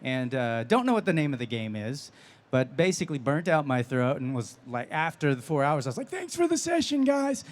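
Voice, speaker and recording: Speaking a little fast in a mid-range voice, a man who voices characters in anime and games takes questions from fans during a convention panel. He's the guest on stage, an animated storyteller who keeps breaking into laughter.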